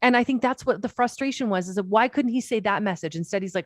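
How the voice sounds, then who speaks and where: A woman's voice: medium pitch, expressive, fast talker, hardly any pauses, no room sound, studio quality. A woman, speaking as a political commentator on a panel in an impassioned, emphatic way full of rhetorical questions. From Canada. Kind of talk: panel discussion.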